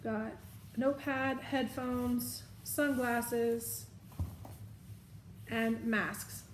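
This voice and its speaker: A woman's voice: a little high, fairly even intonation, very slow, roomy sound, a little hiss or hum. A woman chatting casually as she packs her bag, thinking aloud. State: has the hiccups. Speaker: vlogger. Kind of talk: casual show-and-tell.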